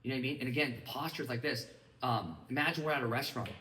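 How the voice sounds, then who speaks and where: A man giving an energetic motivational training talk to a live group, often checking that his listeners follow him. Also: medium pitch, very fast. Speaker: business mindset trainer. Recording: echoey room, mic at a distance.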